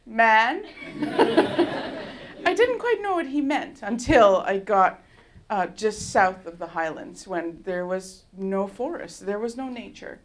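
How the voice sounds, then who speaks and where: A woman artist from Canada giving a public talk in a university lecture hall, telling stories in a lively, storytelling way and often laughing. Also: mid-range voice. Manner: animated storyteller who laughs often and acts out dialogue.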